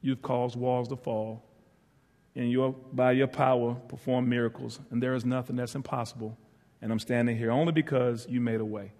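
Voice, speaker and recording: A middle-aged man delivers a sermon from the pulpit as a guest preacher. He speaks earnestly and warmly about gratitude, with a voice of ordinary pitch. Now and then he turns to the congregation with a playful aside. His voice rings through a church sanctuary with a long reverb tail. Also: steady tone, fairly quick. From northeastern North Carolina. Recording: hall reverb.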